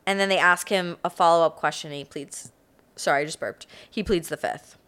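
A woman's voice: fairly low pitch, a little fast, fairly bright tone, clear, resonant tone. A woman co-hosting a podcast, casually telling a true-crime story with lots of "like". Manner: laid-back storytelling, frequent "like". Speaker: podcast co-host telling the case.

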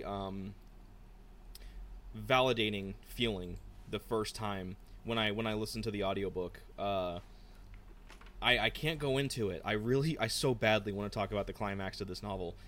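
A man co-hosting a casual book podcast, rambling and animated, slipping into quick impressions of characters. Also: on the low side. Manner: rambling, animated, mimics characters mid-story. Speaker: podcast co-host.

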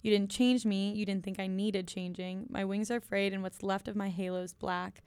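A woman's voice: medium pitch, little pitch movement, normal speed, a little mellow, smooth, no echo. A young woman from the United States co-hosting a podcast, chatting casually about an album with frequent ums, likes and giggles. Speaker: podcast co-host reviewing an album. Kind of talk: casual chat.

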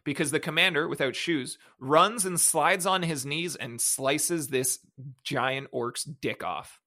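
A man's voice: fairly high pitch, slow, sharp tone. A man co-hosting a podcast, giving a sarcastic, mocking play-by-play recap of a movie in casual chat. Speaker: podcast co-host.

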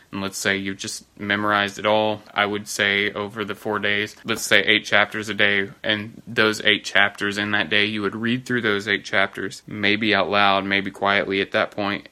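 Man, podcast host, bright crisp voice, low and flat delivery, steady and instructive. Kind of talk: casual podcast talk.

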